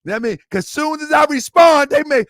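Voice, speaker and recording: A man's voice: very high voice, animated, fast talker, a bit bright, no echo, studio quality. A man hosting his online show, talking in a rambling, repetitive way with lots of slang. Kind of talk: casual livestream talk.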